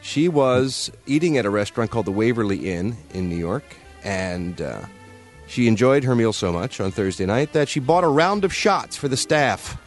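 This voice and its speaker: A man's voice: medium pitch, animated, moderate pace, faint music behind. Joking man reading entertainment news. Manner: wry, joking delivery with frequent laughs. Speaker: radio show host reading entertainment news. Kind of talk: casual morning-show banter.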